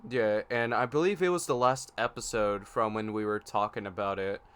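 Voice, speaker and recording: A man's voice: fairly low pitch, normal speed, a bit bright, clear, resonant tone. A man co-hosting a casual podcast, talking eagerly about upcoming films and theme park events. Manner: enthusiastic, makes predictions, frustrated by tech issues. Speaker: podcast co-host.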